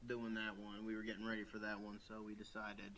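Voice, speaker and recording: A man's voice: on the low side, completely flat delivery, fairly quick, sharp tone, slight background noise. A man co-hosting a podcast, chatting casually and laughing often while recording remotely from home. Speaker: podcast co-host. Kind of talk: casual chat.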